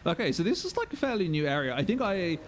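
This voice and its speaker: A man's voice: high-pitched, huge pitch swings, fast talker, a little hiss or hum. A man streaming a game live, chatting with viewers, sweary and self-mocking. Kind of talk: live gameplay commentary.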